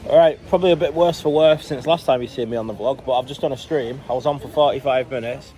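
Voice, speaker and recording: This travel vlogger has a warm, mid-range voice and speaks fast, chatting and cursing while he points a handheld camera at himself in the city. The audio is full of noisy street sound.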